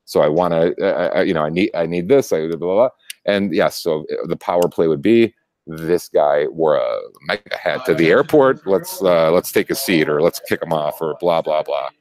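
A young man hosts a casual political chat show, animated and laughing often, restarting sentences and swearing freely. He has a deep voice and speaks at a moderate pace.

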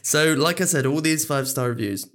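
A man's voice: on the high side, a little fast, fairly bright tone. A man co-hosting a casual film podcast, laughing often and trailing off mid-thought. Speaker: podcast co-host.

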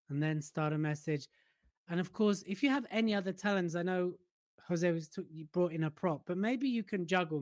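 A man co-hosting a casual chat about public speaking, relaxed and playfully teasing. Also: a little high, dry recording, clean studio sound. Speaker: podcast co-host.

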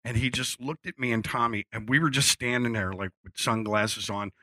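Bright-voiced man telling animated stories. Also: mid-range voice, moderate pace, dry recording. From Philadelphia. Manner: animated storyteller acting out quotes, swears freely. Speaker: guest telling a story. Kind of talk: casual anecdote.

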